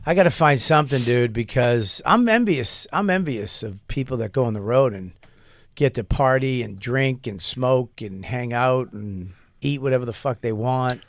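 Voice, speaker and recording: A man's voice: mid-range voice, normal speed, no room sound, clean studio sound. A man co-hosting a podcast, trading crude jokes in rambling casual banter. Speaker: podcast co-host.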